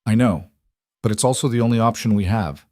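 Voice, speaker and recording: A man's voice: fairly low pitch, brisk, a little mellow, no echo, clean studio sound, lightly acted. A man voicing a fierce, determined young she-wolf heroine with an urgent, defiant manner.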